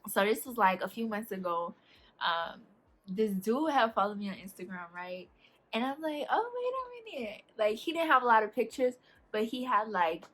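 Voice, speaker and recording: A young woman, chatting casually as a vlogger through a storytime about a date, animated and laughing as she acts out what people said. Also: mid-range voice.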